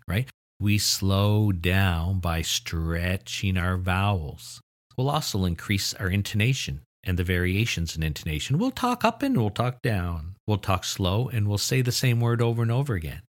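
A man's voice: deep voice, breathy edge. A man lecturing on child language development, explaining steadily and pushing his voice up for emphasis on key points. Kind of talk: recorded lecture.

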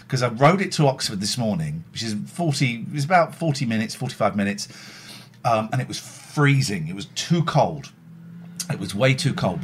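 A middle-aged man chats casually and tells rambling, self-mocking stories. His voice is a little husky, and his pitch swings about a lot as he talks. He swears freely and laughs at himself. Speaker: livestream host. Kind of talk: casual chat.

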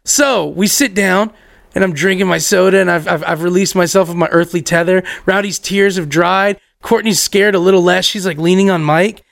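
A young man telling a story in casual podcast chat, animated and profane, laughing through it. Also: sits high, moderate pace, creaky, no echo.

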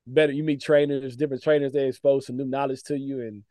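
A man, a former pro basketball player, telling lively stories in a casual podcast chat, with lots of "like" fillers and laughter. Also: medium pitch, quick pace, no echo, studio quality. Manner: animated storytelling, frequent "like" fillers and laughs.

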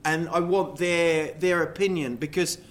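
A man's voice: on the high side, fairly even intonation, unhurried, a bit bright. A man in his thirties hosting a podcast, chatting casually and jokily, trailing off into fillers as he talks. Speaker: podcast host. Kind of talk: casual chat. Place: Sweden.

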